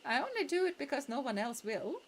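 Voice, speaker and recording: A woman reading the lines of a shy, earnest young male hobbit in a video game, speaking softly and modestly. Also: high voice, very animated, fast talker, a little hiss or hum. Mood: bashful.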